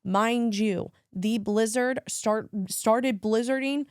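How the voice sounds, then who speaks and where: A woman's voice: on the high side, takes it slowly, smooth, no room sound, clean studio sound. A woman co-hosting a casual sports podcast, gushing and tearful as she talks about her team. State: crying at times. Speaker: podcast co-host.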